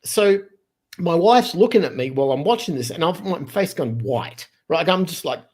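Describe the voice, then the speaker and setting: A man in his fifties, originally from Australia, telling a personal story as a podcast guest in a lively, casual way, often restarting his phrases. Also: on the high side, husky. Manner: animated, quick storyteller who restarts phrases.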